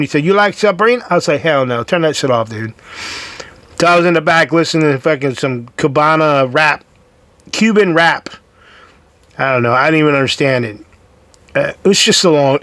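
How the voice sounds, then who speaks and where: A man's voice: on the high side, a bit bright, no echo. A young man telling a rambling, exasperated story in casual profane vlog style. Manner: rambling, exasperated, swears a lot. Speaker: storytelling vlogger.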